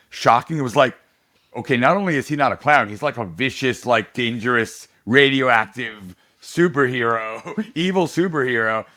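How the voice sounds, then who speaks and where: A middle-aged man, a political candidate, telling a story in a casual podcast interview, animated and laughing often. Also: medium pitch.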